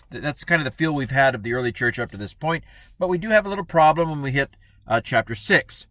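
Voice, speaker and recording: Man, casual bible lesson, chatty and playful, mid pitch, dry close sound. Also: lively intonation, quick pace, fairly bright tone, no echo. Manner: chatty, acts out quotes playfully with laughs. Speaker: Bible teacher.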